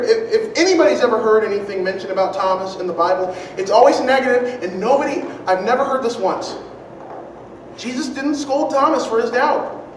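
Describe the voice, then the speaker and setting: High voiced preacher, earnest and repetitive, asks the crowd questions, mic far off in a really echoey room. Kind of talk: sermon. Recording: very echoey room, distant mic, faint noise.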